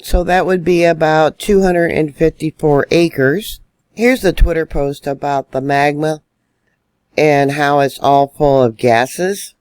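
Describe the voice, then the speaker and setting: A man's voice: on the high side, steady tone, slow, darkish tone, smooth, dry recording. A man giving solo online news commentary, indignant and emphatic as he stresses warnings.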